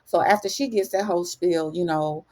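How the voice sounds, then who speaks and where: A woman giving a casual, slangy TV episode recap. She calls the listener honey and acts out the characters' lines in lively, shifting tones. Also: lowish voice, normal speed. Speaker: TV recap host.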